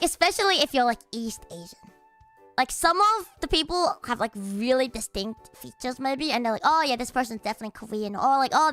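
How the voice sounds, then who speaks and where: A young woman streaming, telling stories in a chatty, animated way and laughing loudly and often. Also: fairly high pitch. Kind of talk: casual chat stream.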